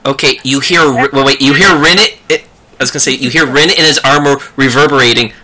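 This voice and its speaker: Male game master with a piercing, bright voice. Loose and chatty, laughs easily. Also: medium pitch, quick pace. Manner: chatty, laughing often, restarts sentences. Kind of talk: running a tabletop game.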